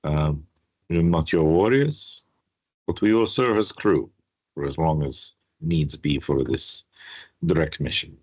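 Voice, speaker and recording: A man voicing an earnest male sailor who leads a small crew, speaking in a formal, measured way. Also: extremely low pitch, darkish tone, no echo, muffled recording.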